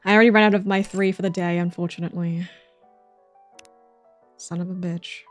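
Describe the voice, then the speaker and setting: A woman streaming a game live, swearing in exasperation and quick to laugh. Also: fairly low pitch, steady tone, faint music behind.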